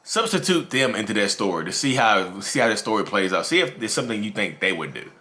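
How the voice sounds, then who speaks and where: A man's voice: lowish voice, big pitch swings, fast, bright, forceful tone. A man hosting his own channel, talking casually to camera, repeating himself and calling his viewers "y'all". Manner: repetitive, addresses viewers as "y'all". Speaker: YouTube host talking about narcissism.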